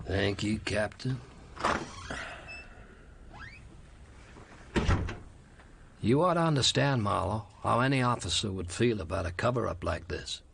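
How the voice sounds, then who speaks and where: A man's voice: fairly low pitch, expressive, a little fast, creaky, a bit bright, slight background noise. An actor playing a stern, fatherly older law officer in a 1940s-style radio drama, who talks bluntly and lectures.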